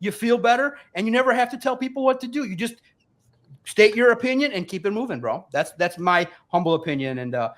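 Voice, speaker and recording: Emphatic high-voiced man ranting. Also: expressive, a little fast, a bit bright. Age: 40s. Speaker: sports writer guest. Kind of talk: heated sports debate.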